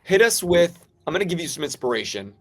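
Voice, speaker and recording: A man with a higher-than-usual voice co-hosts a loose stream chat. He teases and banters at a brisk pace. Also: sing-song. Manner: playful, teasing. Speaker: stream co-host.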